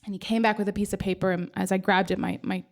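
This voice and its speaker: A woman's voice: medium pitch, level tone, quick pace. A woman telling a funny, self-deprecating personal story on stage. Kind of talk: live comic storytelling. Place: stage before a live audience.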